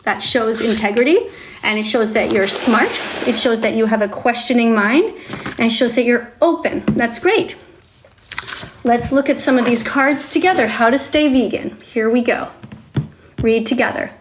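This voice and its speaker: A woman's voice: on the high side, moderate pace, background noise. A woman on a livestream, reading to viewers and talking to them in a coddling, sing-song way, like a teacher with small children.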